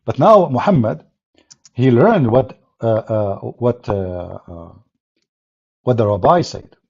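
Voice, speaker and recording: Scornful husky man with broken English. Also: medium pitch, expressive, slow, a little mellow, dull audio. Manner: scornful, emphatic, laughs and jeers often; non-native English with broken grammar. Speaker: religious debater. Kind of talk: mocking polemic commentary.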